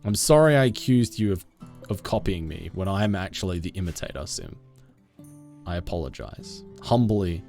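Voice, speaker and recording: A man's voice: sits low, expressive, normal speed, creaky, a little mellow, faint music behind. A man live-streaming a game, chatting casually with viewers in a goofy, self-mocking way.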